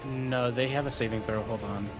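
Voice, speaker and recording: A man's voice: mid-range voice, fairly even intonation, moderate pace, over music. Man searching his sheet, distracted. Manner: distracted, looking things up. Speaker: player. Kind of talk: playing a tabletop game.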